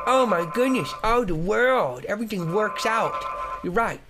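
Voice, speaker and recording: A young man doing excitable, joking let's play commentary, often shouting and yelping. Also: sits high, normal speed, noisy background. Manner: excitable, shouts and yelps, jokey. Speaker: gaming commentator.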